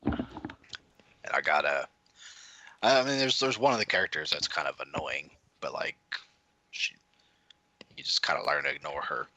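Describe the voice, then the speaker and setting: A man co-hosting a movie podcast, talking casually in a halting way and repeating words. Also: extremely low pitch, pushed and bright, no echo. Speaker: podcast co-host. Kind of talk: casual chat.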